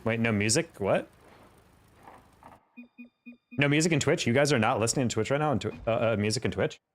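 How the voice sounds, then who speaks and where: A man's voice: mid-range voice, rapid-fire, faint music behind. A young man live-streaming a game, chatting casually, reacting to plays and answering his chat. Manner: chatty, reacts to gameplay and reads chat aloud.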